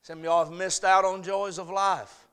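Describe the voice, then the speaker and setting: A male pastor preaching a sermon, folksy and humorous, swinging from quiet asides to shouted preaching. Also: high-pitched, little pitch movement, moderate pace, clear, resonant tone.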